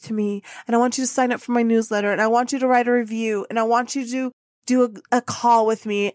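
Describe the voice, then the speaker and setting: A woman's voice: a little high, no echo, clean studio sound. A woman hosting a spiritual podcast, speaking with fervent emotion and repeating affirmations. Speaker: podcast host.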